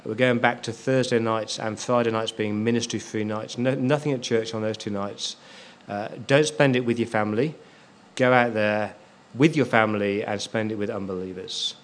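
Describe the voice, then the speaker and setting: A man's voice: on the low side, fairly bright tone, a little hiss or hum. A man preaching a sermon as a pastor, stressing key words and repeating them for emphasis.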